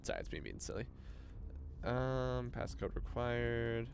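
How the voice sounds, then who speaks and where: A young man streaming a video game with casual commentary. He swears freely and breaks into loud, excitable outbursts. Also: medium pitch, unhurried, gravelly.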